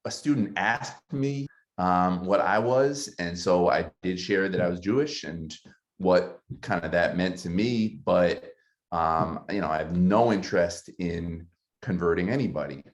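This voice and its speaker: A man with a deep, low-pitched voice recounts a personal story from his teaching days. He speaks earnestly and haltingly, pausing often with ums as he gathers his thoughts. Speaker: city councilmember and former teacher.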